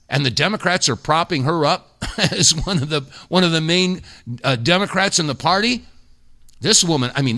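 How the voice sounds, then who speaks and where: A man's voice: fairly high pitch, sharp tone. A man hosting a talk radio show, delivering indignant, emphatic commentary full of rhetorical questions. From United States.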